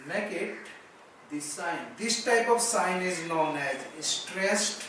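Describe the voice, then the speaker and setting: A man with an Indian English accent teaching a slow, deliberate lesson on poetry. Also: high voice, sharp tone, recorded from a distance, slight background noise. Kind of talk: lecture on poetry. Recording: echoey room, voice off-mic.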